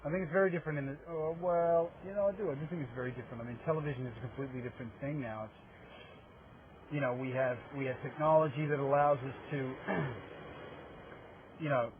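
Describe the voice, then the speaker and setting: A man's voice: medium pitch, steady tone, fairly quick. A man in his thirties with an Australian accent, an actor answering interview questions in a rambling, hesitant way with many restarts. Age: 30s. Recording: tinny phone-like audio, faint hiss.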